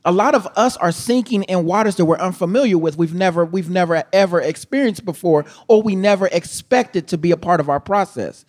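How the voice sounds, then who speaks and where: A high-pitched man co-hosts a live show, unpacking what a guest just said. He speaks with sermon-like emphasis and repeats phrases as he works to drive home each point. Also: fairly quick, few pauses, a little mellow. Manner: emphatic, repeats himself, checks in with listeners. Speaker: podcast co-host. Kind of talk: hype-filled preacherly commentary.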